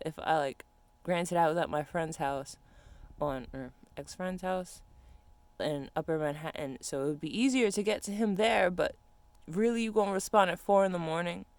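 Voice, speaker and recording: A woman's voice: fairly low pitch, darkish tone, no room sound. A young woman venting in a casual, profane rant about being annoyed. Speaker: vlogger. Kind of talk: casual ranting monologue.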